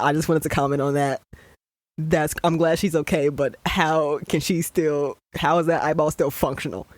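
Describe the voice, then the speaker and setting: A young adult podcast host talks through a show in a loose, swearing rant, worked up and exasperated. The voice sits at an ordinary middle pitch, recorded close and dry with no room sound. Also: dry recording. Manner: ranting, profane and exasperated. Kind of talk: casual show commentary.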